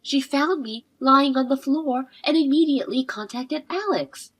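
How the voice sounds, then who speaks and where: A woman narrating a scripted story in a measured, expressive way. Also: high-pitched. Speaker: narrator voicing the wife.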